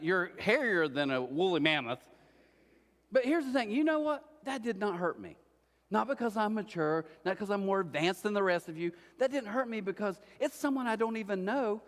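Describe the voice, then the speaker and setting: Middle-aged guy preaching, acts out the quotes, kinda high voice, echoey big room. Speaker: pastor. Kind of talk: sermon. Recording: church hall reverb.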